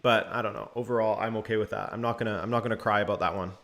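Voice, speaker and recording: A man's voice: lowish voice, rapid-fire, gravelly. Young man, casual live stream commentary, play-by-play, chatty replies to viewers. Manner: relaxed play-by-play mixed with chat replies.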